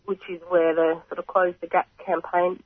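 Australian man, croaky, high-pitched, flat and measured delivery; phone-line guest for a radio interview. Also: no room sound. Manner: earnest, measured, frequent pauses and throat clearing. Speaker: reconciliation organisation representative. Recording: tinny phone line, dry.

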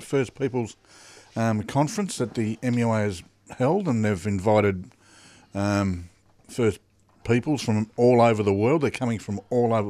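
A man's voice: medium pitch, a little mellow, no echo. A man co-hosting a community radio show, rambling with many ums and self-corrections. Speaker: radio co-host. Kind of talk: casual radio chat.

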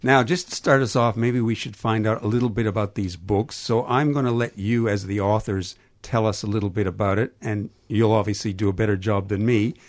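A man's voice: lowish voice, fairly even intonation, no room sound. A man with a Canadian accent, hosting a radio interview from a studio, who often stumbles and restarts. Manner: halting, stumbles over names. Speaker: radio host.

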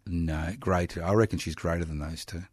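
A man's voice: deep voice, fairly even intonation, brisk, no room sound. A man in his sixties with an Australian accent, hosting a casual community radio chat in a studio, teasing and jokey. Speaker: radio host.

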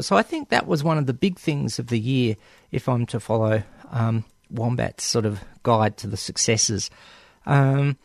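A man's voice: medium pitch, creaky, a little mellow, dry recording, clean studio sound. A man with an Australian accent hosting a community radio show in casual talk, hesitant and full of ums and restarts.

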